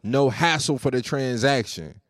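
A man's voice: mid-range voice, unhurried, dry recording, studio quality. A man hosting his own podcast solo, chatting in a laid-back, slangy way with plenty of cursing. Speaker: podcast host. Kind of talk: casual solo podcast chat.

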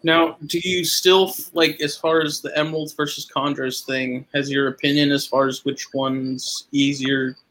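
A man's voice: on the high side, level tone, a bit bright, rough recording. A man from the United States hosting a casual podcast chat, joking and asking questions. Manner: quick, joking, asks leading questions. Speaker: podcast host.

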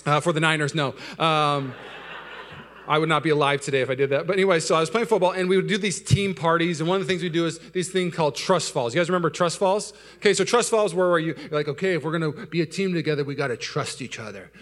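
Fast-talking pastor preaching. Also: male voice. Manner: storytelling, self-mocking, swings from loud excitement to soft and low. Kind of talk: sermon.

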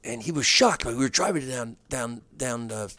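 Middle-aged comic guy spinning stories, lively, restarts a lot, dry close sound. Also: mid-range voice, dry recording. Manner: animated storyteller, quick bursts with restarts. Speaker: comedian and comedy writer guest. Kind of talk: casual storytelling chat.

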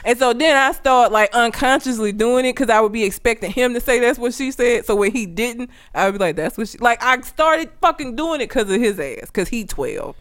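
A woman's voice: a little high, animated, brisk, few pauses. A woman co-hosting a podcast in casual banter, teasing and laughing often, swearing freely. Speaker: podcast co-host.

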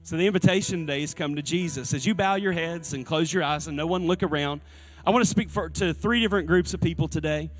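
A male pastor preaching a sermon in a church, earnest and repeating his key phrases, with soft instrumental music behind him. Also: a little high, quick pace. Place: church sanctuary.

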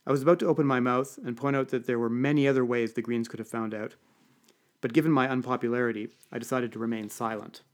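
A man's voice: mid-range voice, fairly even intonation, quick pace. A man giving a dry, wry first-person audiobook narration.

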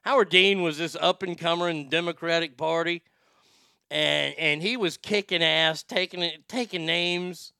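A man's voice: on the high side, normal speed, vocal fry, pushed and bright, smooth, dry recording, clean studio sound. A man giving loose, rambling commentary on a clip, with sighs and the odd curse. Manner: rambling, sighing, swearing. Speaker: streamer reacting to clips. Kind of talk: casual commentary.

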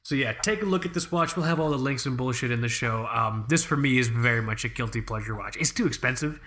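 Profane, animated young man chatting. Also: medium pitch, fast talker. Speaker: podcast co-host. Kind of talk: casual chat. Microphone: studio microphone.

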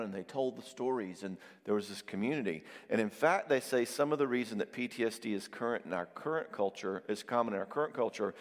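A man's voice: medium pitch, in a large hall. A man preaching in a loose, conversational way, acting out the quoted voices of people he describes. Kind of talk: sermon.

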